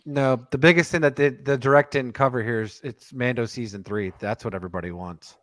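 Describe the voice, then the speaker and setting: A man's voice: medium pitch, brisk, a bit bright. A man co-hosting a podcast in casual chat, rambling and digressive with lots of fillers. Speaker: podcast co-host.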